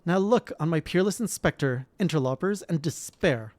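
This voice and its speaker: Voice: medium pitch, expressive, moderate pace, a little mellow, no room sound, pitched above the performer's own voice, lightly acted. Lady Dorilda, a streamer doing an imperious noblewoman. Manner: cold, commanding, disdainful. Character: haughty noblewoman collector, imperious. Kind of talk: reading game dialogue aloud.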